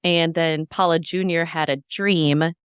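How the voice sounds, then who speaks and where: A woman co-hosting a casual podcast, recapping a TV episode in a relaxed, blunt way. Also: low voice, measured pace, smooth, no echo, clean studio sound. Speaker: podcast co-host.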